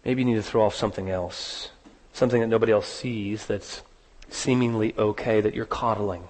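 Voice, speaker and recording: A man preaching a sermon, telling a story with rising dramatic emphasis and slowing down on key words. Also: lowish voice, steady tone, darkish tone, big-room sound. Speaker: pastor.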